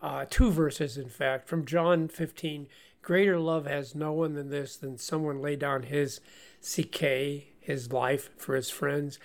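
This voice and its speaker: A man co-hosting a Bible-study radio show, teaching in an animated way with frequent laughs and stumbling restarts. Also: fairly high pitch, slow pace, gravelly.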